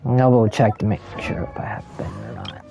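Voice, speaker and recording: A man's voice: on the low side, brisk, creaky, warm tone, dull audio, faint music behind. A man streaming a game, ranting angrily with heavy profanity at other players. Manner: angry, heavily profane, ranting. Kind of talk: ranting gameplay commentary.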